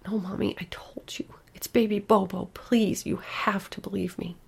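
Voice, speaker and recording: A woman's voice: mid-range voice, fairly even intonation, fast talker, vocal fry, mellow, husky, pitched above the performer's own voice. A woman voicing a frightened five-year-old girl who pleads, partly in a whisper. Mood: pleading, hushed.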